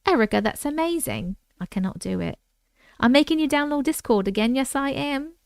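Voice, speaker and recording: A woman's voice: high-pitched, lively intonation, a little fast, gravelly, clear, resonant tone, dry recording, studio quality. A woman hosting a casual livestream from home, chatting with viewers, greeting them by name and laughing often. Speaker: livestream host.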